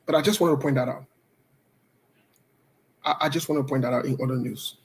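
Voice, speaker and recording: A woman host delivering political commentary, deliberate and emphatic, speaking directly to her viewers. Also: a bass voice, steady tone, low-quality recording. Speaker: show host.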